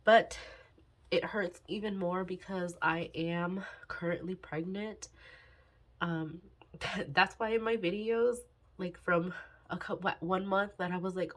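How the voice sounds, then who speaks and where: A woman in her twenties talking candidly in a personal vlog, halting and sighing often, emotional and close to tears. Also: on the low side, steady tone. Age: 20s. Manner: halting, sighing, many fillers and restarts. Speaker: budgeting vlogger.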